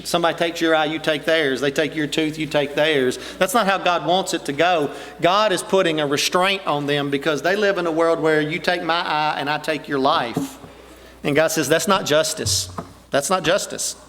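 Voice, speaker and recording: A man's voice: a little high, steady tone, moderate pace, a bit bright, slight background noise. An older man preaching a sermon to his congregation, building emphatically toward his key points. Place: church sanctuary. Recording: long reverb of a church hall.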